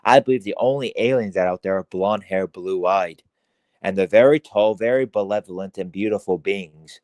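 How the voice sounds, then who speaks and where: An Irish man talking as a podcast guest in casual chat, rambling with heavy swearing, halting restarts and fillers. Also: low-pitched, darkish tone, no room sound.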